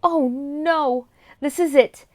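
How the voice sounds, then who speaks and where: A woman's voice: sits high, takes it slowly. A woman voicing a frightened young boy on the run, with a trembling, panicky way of talking. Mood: scared.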